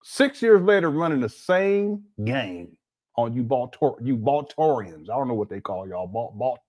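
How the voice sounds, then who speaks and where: A man's voice: medium pitch, animated, moderate pace, darkish tone. A man hosting a casual reaction commentary, talking while eating, with joking, mocking asides. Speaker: commentary channel host.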